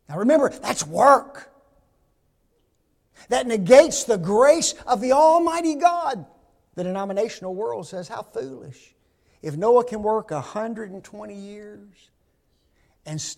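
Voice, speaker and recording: Man in his sixties, pastor delivering a sermon; high voice, measured delivery, emphatic and questioning. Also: gravelly. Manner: emphatic, rhetorical questioning of the congregation. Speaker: preacher.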